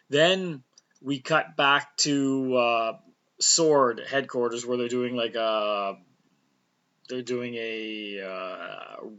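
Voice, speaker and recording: A man's voice: mid-range voice, sharp tone, highs cut off. A man casually recapping a TV episode, rambling with fillers and restarts and loosely acting out the characters' lines. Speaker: recap vlogger.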